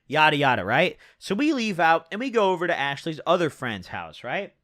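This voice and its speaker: Lively bright-voiced young man rambling. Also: a little high, normal speed, dry recording, clean studio sound. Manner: rambling slangy storytelling with many fillers. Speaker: storytelling vlogger. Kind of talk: casual storytime monologue.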